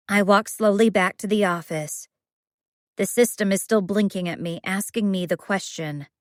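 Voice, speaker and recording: A woman narrating a first-person thriller audiobook with a quiet, brooding delivery. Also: mid-range voice, no echo, studio quality.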